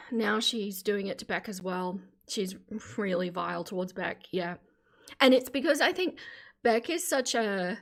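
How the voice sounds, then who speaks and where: A woman's voice: mid-range voice, gravelly. Chatty woman streaming commentary. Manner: chatty, opinionated, thanks viewers warmly. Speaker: livestream reaction host. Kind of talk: casual commentary livestream.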